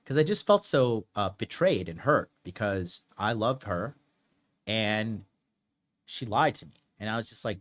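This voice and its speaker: A man's voice: lowish voice, animated, unhurried, fairly bright tone. A young man hosting a podcast, telling a personal story in a blunt, rambling, profane way with lots of fillers. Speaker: podcast host. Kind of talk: casual storytelling monologue.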